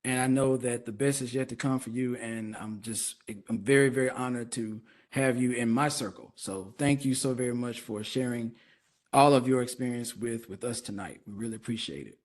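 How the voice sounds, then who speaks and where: A man hosting an online talk show interview, speaking in a measured way and repeating words for emphasis. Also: mid-range voice.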